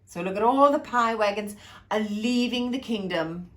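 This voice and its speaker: A woman at a childcare centre reading a funny picture book aloud to children, expressive and playful. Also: medium pitch, normal speed. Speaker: childcare storyteller.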